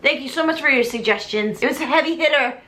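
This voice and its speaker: A young woman, a little tipsy, retelling a musical as comedy, animated and full of "like" fillers, dropping into quick character voices. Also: high voice.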